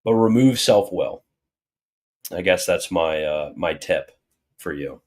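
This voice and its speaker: A man taking super chats on a relaxed livestream reads questions aloud, feigns alarm for laughs, and then explains things seriously. His voice sits low and is a little mellow, with lively intonation and a slow pace.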